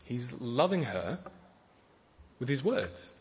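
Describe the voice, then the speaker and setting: A middle-aged man preaches in a gentle, unhurried way, with many fillers and restarts. His voice is slightly husky, at a middle pitch for a man, and it rings out with a long reverb, as in a large church hall. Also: sing-song. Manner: gentle, with frequent fillers and repeated words. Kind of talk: sermon.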